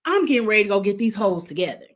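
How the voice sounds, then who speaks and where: A woman's voice: medium pitch, sing-song, racing. A woman voicing a brash young male reality contestant who talks bossy and trash-talks, sounding close to her own voice. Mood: boastful.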